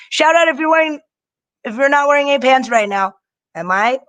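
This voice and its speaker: A young woman performing a stand-up set over a live video stream, telling stories in an animated way and slipping into mocking voices. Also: high voice, moderate pace. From Indian family. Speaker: stand-up comedian.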